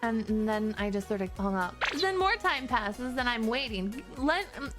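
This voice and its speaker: A woman streamer telling a story in a casual rant, animated and exasperated, swearing freely. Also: fairly high pitch, moderate pace. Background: background music.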